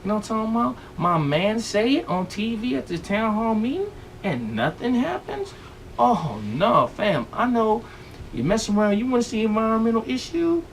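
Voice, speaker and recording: A man with a high, gravelly voice that swings widely up and down, rambling through a comedic news rant full of slang. He sits back from the mic, and faint noise hangs behind him. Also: very animated, normal speed, recorded from a distance. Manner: rambling, slangy, keeps asking "you know what I'm talking about". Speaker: vlog host.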